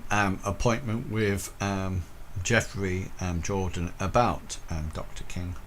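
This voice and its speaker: A man's voice: low-pitched, steady tone, slow, fairly bright tone, a little hiss or hum. A man running a tabletop game as game master, narrating with frequent hesitations and fillers.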